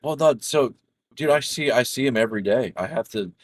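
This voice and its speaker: A man's voice: medium pitch, expressive, a little fast, no echo. A middle-aged man chatting casually over voice chat while gaming, telling stories in a rambling, profane way full of restarts. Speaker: gamer chatting with a friend.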